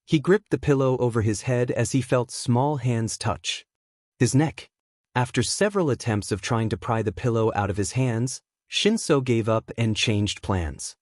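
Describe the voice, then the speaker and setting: Male narrator, mid-pitched, dead-dry close recording, steady storybook read. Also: measured pace, no echo. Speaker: fanfiction reader. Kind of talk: scripted narration.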